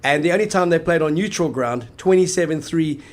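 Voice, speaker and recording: Emphatic man, higher voice. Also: expressive, a little fast. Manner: emphatic, analytical, long flowing arguments. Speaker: podcast co-host. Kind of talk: casual sports chat.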